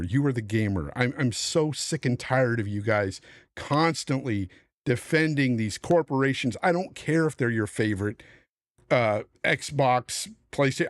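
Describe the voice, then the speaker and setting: A man's voice: medium pitch, no echo, studio quality. A middle-aged man hosting a podcast panel, on a heated, profane rant about the industry. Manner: angry, profane, emphatic ranting. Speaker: podcast host.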